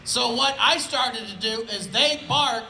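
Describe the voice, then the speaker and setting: A man's voice: very high voice, measured pace, vocal fry, pushed and bright, roomy sound, a little hiss or hum, rough recording. A man from Indianapolis doing laid-back, conversational stand-up on an outdoor festival stage, often asking "right?". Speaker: stand-up comedian. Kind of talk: live stand-up comedy.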